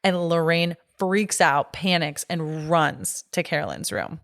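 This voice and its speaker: Low-voiced woman recapping a movie. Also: unhurried, gravelly, no room sound, studio quality. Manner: chatty storytelling with lots of "like". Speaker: podcast co-host. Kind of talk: casual chat recapping a horror film.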